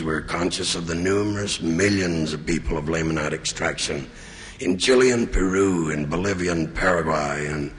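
A man giving an earnest, measured sermon as a church leader. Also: sits low, a bit bright. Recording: long reverb of a large hall.

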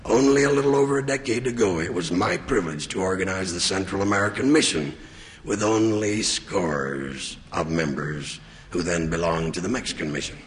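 A man giving an earnest, measured sermon as a church leader. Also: low voice. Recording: long reverb of a large hall.

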